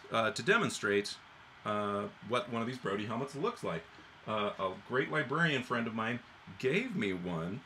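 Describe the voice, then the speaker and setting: A man explaining history while he draws, in an animated and playful way, with sudden jumps in pitch and sound effects. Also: a little hiss or hum. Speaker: author and illustrator explaining history. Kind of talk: illustrated history talk while drawing.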